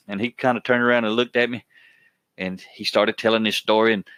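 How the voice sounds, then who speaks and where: A man's voice: fairly low pitch, sharp tone, dry recording. A man hosting a podcast, telling a workplace story in a plainspoken, folksy way, often repeating his words as he goes. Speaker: podcast host.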